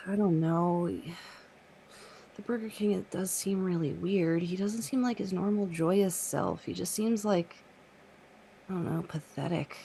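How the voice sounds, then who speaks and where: A woman's voice: on the low side, slow pace, creaky, warm tone, a little hiss or hum, voice pushed up. A woman voicing a doubtful young man in a tabletop role-play, who speaks in a hesitant way. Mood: uneasy. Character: uneasy young man, father's son.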